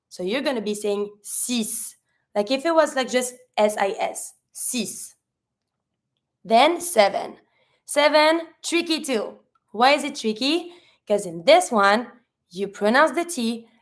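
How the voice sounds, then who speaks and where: A woman teaching a French lesson, explaining pronunciation patiently step by step with repeated examples. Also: fairly high pitch. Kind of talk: online language lesson.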